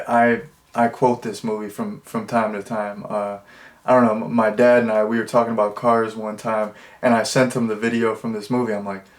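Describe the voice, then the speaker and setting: Rambling, amused young man reviewing films. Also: medium pitch. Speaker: movie reviewer. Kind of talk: casual movie review.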